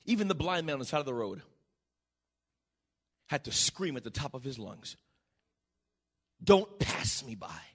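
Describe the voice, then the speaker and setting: A male pastor preaching a sermon in a church, building to shouted peaks and dropping to quiet, low passages. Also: sing-song, a little slow, pauses often, breathy edge. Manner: shouting, rising to emphatic peaks.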